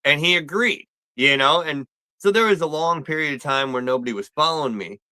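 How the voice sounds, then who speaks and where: A man's voice: on the high side, expressive, brisk, pushed and bright, clean tone, dry recording, poor audio. A man talking as a guest in a casual chat, laid-back and rambling with lots of fillers.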